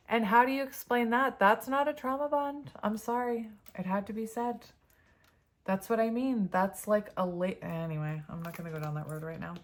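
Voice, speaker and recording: A woman reading tarot cards to her viewers in a casual, chatty way, often laughing as she reads the card messages aloud. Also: on the high side. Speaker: tarot reader.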